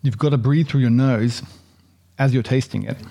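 A man's voice: medium pitch, normal speed, vocal fry, mellow. A man hosting a casual chocolate tasting, chatty and rambling, poking fun at himself. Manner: chatty, rambling and self-deprecating.

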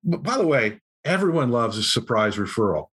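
A man guest on a podcast, telling a story in a casual, animated way and acting out what people said. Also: mid-range voice, a little fast, slightly rough. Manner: animated anecdote-telling, acts out quotes. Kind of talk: conversational storytelling.

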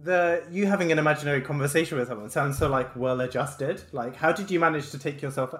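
A man co-hosting a casual chat, telling anecdotes in an animated way and laughing often. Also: a little high, quick pace.

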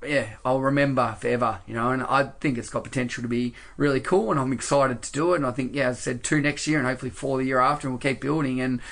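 A man's voice: medium pitch, fairly even intonation, quick pace, gravelly, few pauses, fairly bright tone. A man with a quite Australian accent, a podcast guest chatting casually and rambling with lots of fillers and "mate". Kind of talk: casual interview chat. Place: indoors after a workshop, late at night.

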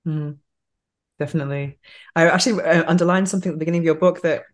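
A woman's voice: sits low, steady tone, racing. A woman hosting a podcast, reflecting thoughtfully while she shares her own thoughts with her guest. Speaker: podcast host. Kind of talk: casual interview chat.

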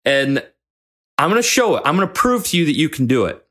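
A man's voice: fairly high pitch, big pitch swings, a little fast, fairly bright tone. A man voicing his old rodeo coach as a blunt, demanding but caring mentor who talks straight. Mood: encouraging. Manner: scolding, then firmly encouraging.

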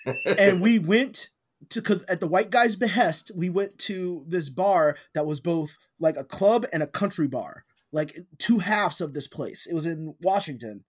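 A man's voice: high voice, unhurried. A man co-hosting a podcast, telling a long rambling story in casual chat, swearing freely. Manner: rambling storyteller, swears a lot, acts out quotes loudly. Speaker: podcast co-host.

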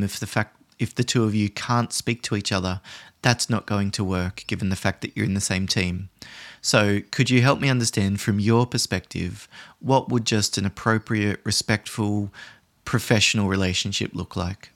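Calm low-voiced man explaining. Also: moderate pace. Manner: calm, explanatory, conversational with many restarts. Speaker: podcast host. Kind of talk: instructional podcast monologue.

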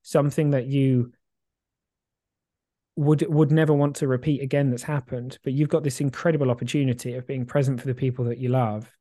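Male podcast co-host, mellow and rambling, dry close mic. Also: medium pitch, fairly even intonation, fairly quick, no room sound. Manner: rambling, reflective, many fillers and restarts; swears casually, laughs easily. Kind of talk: casual chat.

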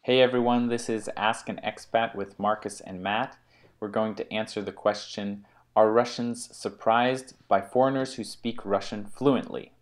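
An American man co-hosting a relaxed conversation, his voice sitting a little low. He speaks haltingly, often stopping and restarting as he looks for the right words. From United States. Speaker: co-host. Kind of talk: casual chat.

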